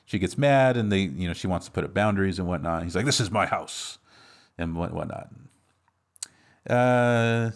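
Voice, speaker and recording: Low-voiced man rambling through a movie recap. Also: normal speed, clear, resonant tone. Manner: rambling recap with many fillers and laughs. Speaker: podcast co-host. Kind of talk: casual movie recap chat.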